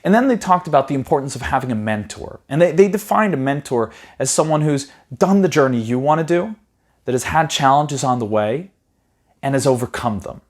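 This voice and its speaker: Man telling his story, chatty and animated. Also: medium pitch, brisk. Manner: conversational, frequent "you know" and restarts. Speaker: property investing educator. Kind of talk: personal storytelling talk.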